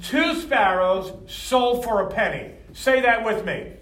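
A man's voice: sits high, slow pace, a loud crowd. A man preaching a sermon to a congregation, reading verses and leading call-and-response. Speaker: pastor. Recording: echoey hall from far off.

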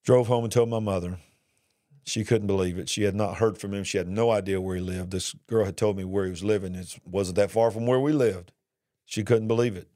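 A middle-aged man giving an earnest personal testimony about his past, retelling it slowly and with feeling. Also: on the low side, fairly even intonation, warm tone, dry recording, studio quality. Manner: earnest, drawn-out emotional retelling. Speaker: speaker sharing his life story.

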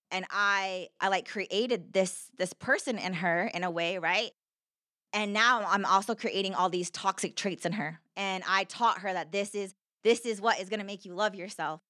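A woman's voice: mid-range voice, normal speed, pushed and bright, no room sound, clean studio sound. A woman telling her personal story as a podcast guest, earnest and heartfelt, with lots of "like" fillers. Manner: earnest, heartfelt, heavy use of "like".

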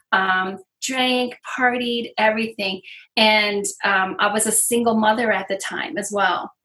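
Bright-voiced woman sharing her testimony. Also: medium pitch. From Iowa. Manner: earnest, heartfelt storytelling with many fillers. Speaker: interview guest. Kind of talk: personal testimony.

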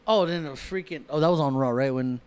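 A young man co-hosting a wrestling podcast, animated and quick to swear and laugh. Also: fairly high pitch, clear, resonant tone. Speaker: podcast co-host. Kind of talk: casual wrestling recap chat.

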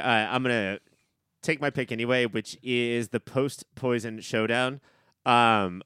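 Man, podcast co-host, mid pitch, relaxed and casual, dry close sound. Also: clear, resonant tone, no echo. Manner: laid-back, swears casually. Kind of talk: casual movie-review podcast chat.

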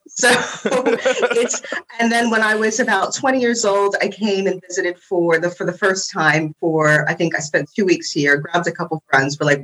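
An American interior design blogger in her forties chats casually as a podcast guest, often laughing at herself. Her voice is on the low side, bright-ish, at a moderate pace, and the recording is rough.

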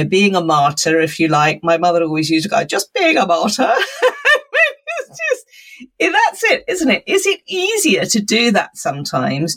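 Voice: mid-range voice, fairly bright tone. Expert guest, mid-range voice, casual interview chat, thoughtful rambling explainer.

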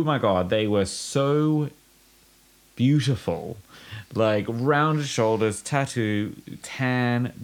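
Low-pitched guy rambling through a funny story on a podcast, laughs a lot. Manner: rambling, self-interrupting, giggly storyteller. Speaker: podcast co-host. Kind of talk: casual chat, storytelling.

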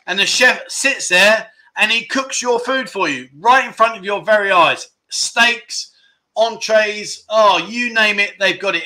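A man hosting a casual livestream, his voice high and cutting. He reels off viewers' guesses one after another, excitable and chatty. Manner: excitable, runs through a rapid list of guesses. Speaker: livestream host. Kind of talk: casual livestream chat, reading out viewer comments. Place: his home in Pattaya, indoors.

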